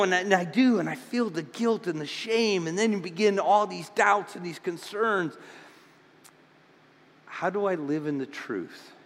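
A man's voice: high voice, big-room sound. A man preaching a sermon as pastor, stammering into restarts and building to fervent emphasis.

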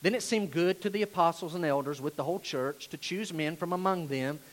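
A male pastor with a high voice works through scripture in an animated way. He acts out the characters' lines, sometimes loud and sometimes dropping low. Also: a little fast, rough recording. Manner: animated, acts out dialogue, swings from loud to quiet. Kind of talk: expository sermon.

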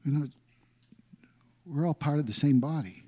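A middle-aged man preaching a sermon, swinging from loud emphatic lines down to hushed, almost whispered ones. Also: fairly high pitch, normal speed. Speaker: pastor.

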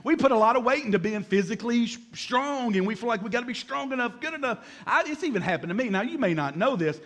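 High-voiced joking pastor, fifties. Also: male voice, fast talker. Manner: lively and joking, acts out voices, calls for amens from the congregation. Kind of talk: sermon.

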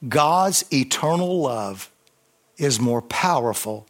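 A man preaching a sermon, fervent, with call-and-response and swings between loud emphasis and quiet intensity. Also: mid-range voice, lively intonation, slow pace.

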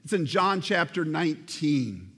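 A man's voice: fairly high pitch, very animated, measured pace, sharp tone, breathy edge, long reverb tail. A man preaching a sermon as pastor, earnest and addressing the congregation directly, repeating words for emphasis. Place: church sanctuary.

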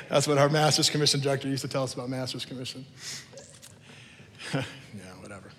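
This pastor speaks at medium pitch, a little fast, with frequent pauses and a slightly bright tone. His chatty sermon stories come with teasing asides, and the large hall's long reverb is joined by slight background noise.

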